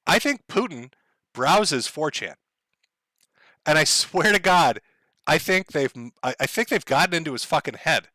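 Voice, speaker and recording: A man's voice: a little high, expressive, unhurried, sharp tone, dry recording. A man rambling sardonically through a casual livestream monologue, swearing freely and laughing often. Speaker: streamer.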